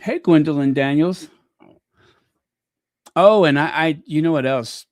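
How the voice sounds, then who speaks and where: A man's voice: a little high, a little slow, no echo. A man hosting a casual livestream, chatting in a rambling way with many fillers and restarts, close to the mic. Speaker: channel host.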